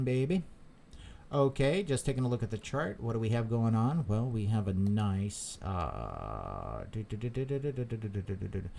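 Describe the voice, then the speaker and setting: A man's voice: on the low side, vocal fry, a little hiss or hum. Rambling man chatting on a live stream. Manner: rambling, repeats words, many fillers. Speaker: crypto channel host. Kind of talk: casual live-stream chat reading comments.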